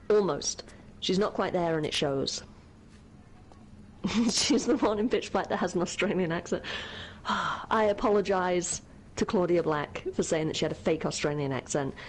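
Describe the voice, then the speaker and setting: A woman with a fairly low voice chats casually over a game she is watching. She sounds wry and a little hesitant, and often trails off into asides as she talks. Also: normal speed, a little hiss or hum, rough recording. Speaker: co-host of a gaming show. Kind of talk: casual chat over gameplay.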